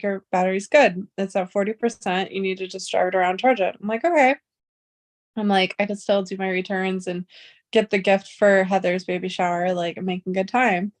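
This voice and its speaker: A young woman recounts her day to her viewers in a casual storytime vlog. She is chatty and exasperated, and she swears freely as she goes. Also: mid-range voice. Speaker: vlogger.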